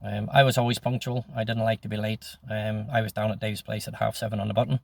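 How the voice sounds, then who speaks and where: Low, flat-voiced older man. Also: fast, creaky, no echo. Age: 60s. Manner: rambling, swears freely, many ums. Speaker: storyteller. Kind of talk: casual memoir storytelling.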